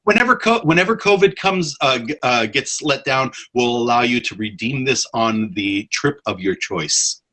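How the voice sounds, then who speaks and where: A man with a bright, forceful voice chats loosely on a podcast. He stumbles over his words, repeating and restarting them, and laughs his way through the telling. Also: medium pitch, animated, normal speed, hardly any pauses. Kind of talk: casual podcast chat.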